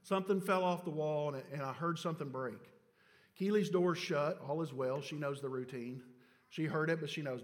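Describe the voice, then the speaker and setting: A middle-aged man, a pastor telling a personal story in a sermon, moving between hushed confession and loud exhortation. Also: on the high side, normal speed. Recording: long church reverb.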